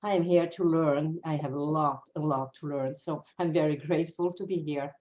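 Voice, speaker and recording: A woman's voice: low voice, steady tone. A French-accented woman, a native French speaker, introducing herself hesitantly on a video call. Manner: hesitant, with pauses. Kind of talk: casual self-introduction. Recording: muffled video call audio.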